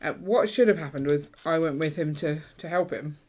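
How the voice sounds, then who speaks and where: Woman co-host, low-pitched, chatty and quick to laugh, light noise. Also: a little mellow. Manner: chatty, storytelling, laughs easily. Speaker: co-host of a Lego build livestream. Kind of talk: casual chat while building.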